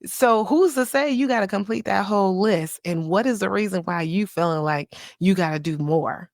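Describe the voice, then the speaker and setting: A woman in her thirties hosting a podcast as a child psychiatrist, talking in a chatty, animated way and laughing easily. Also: medium pitch, normal speed, no echo, clean studio sound. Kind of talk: casual solo podcast talk.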